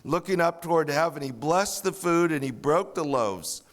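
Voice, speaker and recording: A man's voice: a little high, expressive, moderate pace. A man preaching a sermon as pastor, explaining scripture verse by verse and acting out the disciples' sarcastic replies. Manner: expository preaching, acts out sarcastic voices of the disciples.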